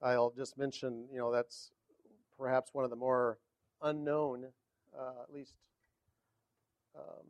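Slow, halting pastor preaching. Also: male voice, mid-range voice, flat delivery. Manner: halting, searching for words with many fillers. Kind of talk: sermon.

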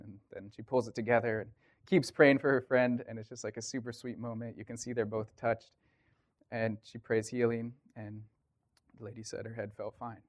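A young man casually recounting a mission trip, animated, quoting the people he met and laughing now and then. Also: lowish voice. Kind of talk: casual storytelling testimony.

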